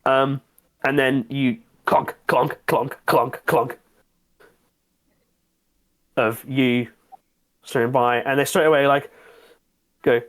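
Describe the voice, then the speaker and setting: A man's voice: mid-range voice, fairly even intonation, slow pace, long pauses, fairly bright tone. A man running a tabletop game as game master, narrating in a loose, rambling way with restarts and fillers.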